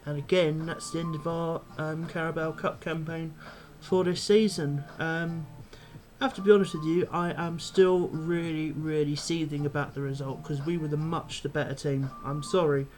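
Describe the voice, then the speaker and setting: A man's voice: on the high side, flat delivery, normal speed, a little mellow, soft background music. A young man, a football fan vlogger, angrily ranting after a match and swearing bluntly. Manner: angry, swears a lot, blunt. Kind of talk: post-match fan rant.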